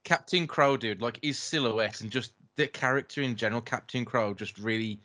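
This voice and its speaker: A man's voice: mid-range voice, normal speed, pushed and bright. A man in a casual film chat, enthusiastic and often searching for words.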